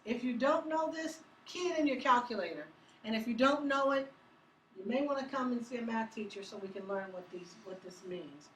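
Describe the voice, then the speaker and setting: A woman teaches a math class, upbeat and teasing, quizzing students as she works through problems. Her voice is high, fairly quick and fairly bright, with a little hiss or hum. The recording is echoey and picked up from far off in the classroom.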